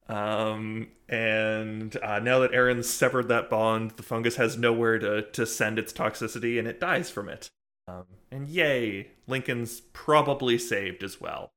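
A man's voice: fairly low pitch, fairly even intonation, unhurried, a bit bright. Laid-back man recapping with lots of ums. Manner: laid-back, many ums and uhs, laughs often. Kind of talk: casual chat recapping a TV episode.

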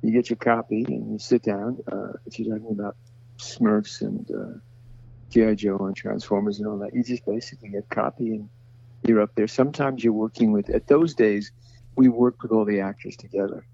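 Warm, fairly low and steady, this older voice actor's gravelly, husky voice moves briskly. As an interview guest, he tells long rambling stories and acts out the voices of people he quotes, all captured in dull lo-fi audio.

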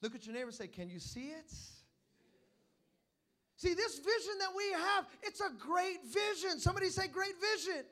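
High bright-voiced preaching man. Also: sing-song, moderate pace. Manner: storytelling preacher, calls for amens, builds to shouting climaxes. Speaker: pastor. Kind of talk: sermon. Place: church.

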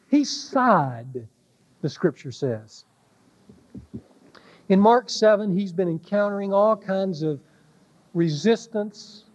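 A man preaching a sermon, slow and weighty, dropping to a hush on key words. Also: sits high, lo-fi sound. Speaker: pastor.

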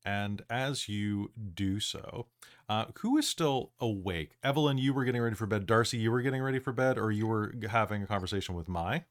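A man's voice: fairly low pitch, fairly quick. A man narrating a tabletop role-playing game as game master, hesitant with many fillers.

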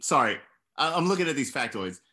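A man's voice: medium pitch, sing-song, fairly quick, pushed and bright. A man co-hosting a podcast, chiming in with sarcastic, profane remarks about a movie. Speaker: podcast co-host. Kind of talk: casual film critique chat.

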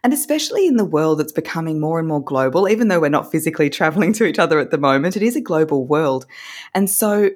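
An Australian woman, a voice coach, explaining techniques as a podcast guest in an animated way, laughing often. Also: low-pitched, fast talker.

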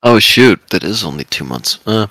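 A man with a very low voice chats casually as a podcast co-host, easygoing and quick to laugh. His voice sounds dry and close to the mic. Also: big pitch swings, pushed and bright, no echo. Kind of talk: casual chat.

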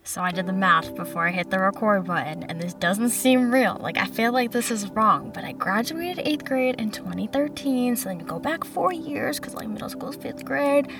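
A woman's voice: a little high, moderate pace, few pauses, distant mic, music in the background. A woman in her twenties telling comic stories and trying out stand-up bits in a chatty, slangy way. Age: 20s. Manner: chatty, animated, full of "like" and slang. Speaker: comedic vlogger. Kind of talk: comedic storytelling and practice stand-up.

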